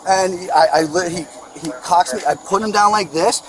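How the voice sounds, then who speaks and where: A man outdoors at night, telling police about an assault in an agitated, rapid way. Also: high-pitched, a crowd in the background. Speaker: neighbor reporting an assault. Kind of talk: recounting an incident to police. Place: residential street outdoors at night. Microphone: police body camera. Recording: noisy outdoor body cam audio.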